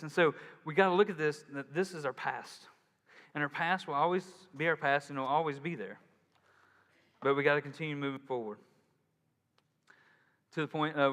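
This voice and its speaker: A man preaching a sermon as pastor, in a casual, animated way, acting out quotes. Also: fairly high pitch. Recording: long hall reverb.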